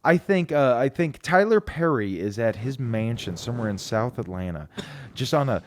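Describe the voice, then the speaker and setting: A man's voice: animated, moderate pace, slight background noise. A man co-hosting a movie podcast, riffing in crude comedic banter and laughing often. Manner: loud, swinging between shouty bits and low asides, laughs often. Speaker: podcast co-host.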